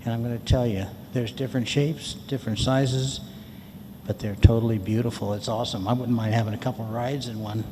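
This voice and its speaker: A man tells his story to a conference crowd in a loose, folksy, chatty way. His voice sits at an average pitch and is picked up by a handheld mic. The big hall around him rings out long, with a faint hiss underneath. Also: fairly even intonation, a little fast. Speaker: conference speaker. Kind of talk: storytelling talk. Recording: reverberant hall, faint noise.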